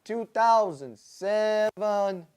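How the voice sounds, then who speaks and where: This live-stream host answers viewers' car questions very slowly, his high voice clean yet somewhat dark, with lively intonation. He reads their names and questions, talks to them by name, and stays blunt, joking and profane, with many fillers and restarts.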